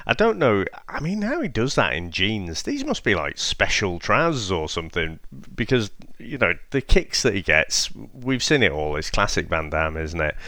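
A man co-hosting a podcast, retelling film scenes casually as an animated storyteller who laughs at his own jokes. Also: fairly low pitch, normal speed, no echo, clean studio sound. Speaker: podcast co-host. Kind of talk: casual film review chat.

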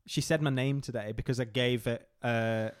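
A man's voice: medium pitch, steady tone, moderate pace, smooth. A man hosting a podcast, chatting casually and telling stories in a rambling, hesitant way. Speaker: podcast host. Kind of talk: casual chat.

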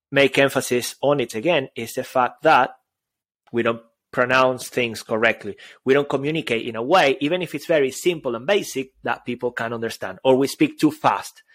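A man's voice: mid-range voice, a bit bright. A man from Spain with a Spanish accent, co-hosting a podcast in a playful, casual chat. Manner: playful, switches between languages. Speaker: podcast co-host.

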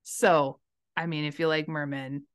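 A woman's voice: low voice, little pitch movement, unhurried, clear, resonant tone. A woman co-hosting a podcast, chatting playfully and retelling a legend with frequent giggles. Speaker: podcast co-host. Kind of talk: casual chat.

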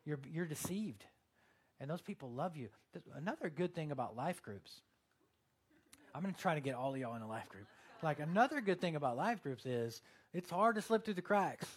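A man's voice: on the high side, lively intonation, normal speed, slightly rough. A man preaching a sermon in a casual, conversational way, with lots of fillers and quoted asides. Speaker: pastor.

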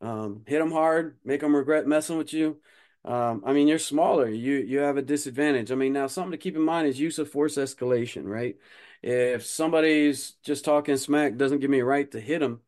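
Smooth-voiced man rambling casually. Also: medium pitch, brisk, darkish tone. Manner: rambling, many fillers, joking. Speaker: podcast host, martial arts instructor. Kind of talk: casual podcast monologue.

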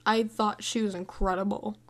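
A woman of about eighteen chatting casually about a movie, scattered and excitable, rambling from thought to thought. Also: medium pitch, normal speed. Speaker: movie reviewer. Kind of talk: casual chat.

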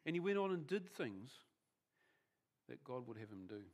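Very animated and medium in pitch, this man delivers a conversational sermon as a pastor at a moderate pace. He often backs up to restart a phrase and grows quieter as he finishes each thought.

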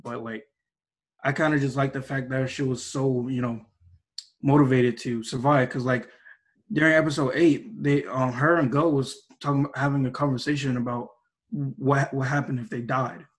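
A man's voice: medium pitch, fairly even intonation, moderate pace. A man casually reviewing anime episodes with a co-host, rambling and restarting his sentences often. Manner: rambling, hesitant, many restarts and fillers.

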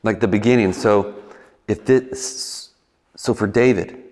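Low-voiced male preacher in a reverberant hall. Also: a little hiss or hum. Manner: conversational, acts out quick voices, animated asides. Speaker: pastor. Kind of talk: casual sermon.

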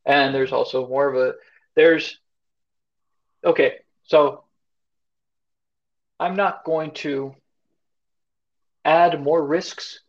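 A man in his thirties joins the podcast chat in a laid-back way, cracking jokes and swearing now and then. His voice sits a bit high. The sound is somewhat dull and muffled. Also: fairly even intonation, slow pace, pauses often. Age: 30s. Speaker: podcast guest.

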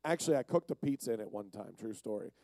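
A man's voice: lowish voice, animated, fast talker, warm tone, dry recording. Youth speaker, man from Pennsylvania, casual storytelling sermon, jokey, dry close sound. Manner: jokey, rambling.

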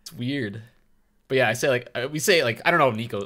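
A man's voice: mid-range voice, bright, forceful tone. Chatty Canadian man hosting a podcast. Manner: chatty, quick to joke, hesitant restarts. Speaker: podcast co-host. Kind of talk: casual chat.

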